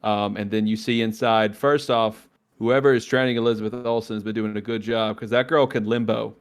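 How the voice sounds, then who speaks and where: Speaking fairly quickly in a clean, fairly low voice, this podcast co-host walks through a TV episode in casual conversation. He gets animated and performs the characters' lines as he retells each scene.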